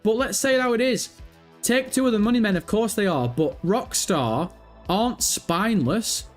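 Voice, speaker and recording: Man, young adult, livestream host, sweary teasing chat, fairly high voice, faint music behind. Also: lively intonation, normal speed. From Britain. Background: faint background music.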